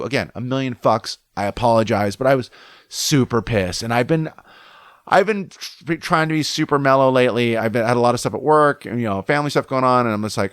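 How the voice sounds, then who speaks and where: Fast-talking, profane man telling a story. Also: medium pitch, a bit bright, clear, resonant tone, no echo, studio quality. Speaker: podcast host. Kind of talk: solo podcast storytelling.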